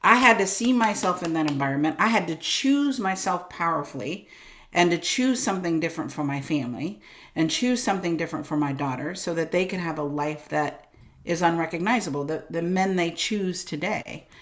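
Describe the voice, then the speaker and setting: A woman guest on a podcast interview, telling her story in an animated way, acting out her own thoughts and swinging between quiet and loud. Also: fairly low pitch, a little fast. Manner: animated, acts out voices of herself and God, swings loud and soft. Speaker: guest, business coach.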